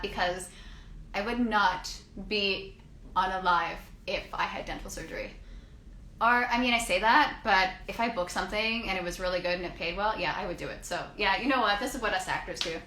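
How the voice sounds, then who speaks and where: A woman's voice: medium pitch, bright, forceful tone, roomy sound. A Canadian woman hosting a live-stream chat from her home studio, rambling casually and joking at her own expense. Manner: chatty, self-mocking rambling. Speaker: host.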